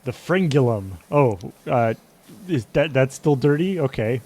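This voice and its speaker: A man's voice: mid-range voice, animated, a little slow, darkish tone. Man with wry, musing game chatter. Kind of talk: casual gameplay chat.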